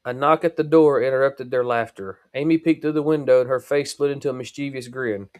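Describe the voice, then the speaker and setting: A man reading a chapter of his own novel aloud on his podcast. He narrates steadily, at a middle pitch. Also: steady tone, brisk.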